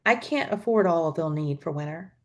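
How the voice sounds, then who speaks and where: A weary young foster mother speaks plainly and a little hesitantly, as a woman reading the storybook aloud voices her. Her tone is flat and tired rather than showy. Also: sits low, normal speed.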